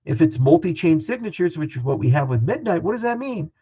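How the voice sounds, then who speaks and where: A man speaking as an interview guest, talking fast and animated in a casual, profane way. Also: on the high side, husky, rough recording.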